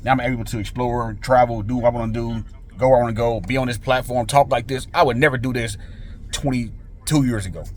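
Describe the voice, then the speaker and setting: A man's voice: mid-range voice, fairly even intonation, fairly quick, slight background noise. Casting: earnest man in his forties, casual motivational monologue, informal slang, faint ambience behind. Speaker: motivational channel host.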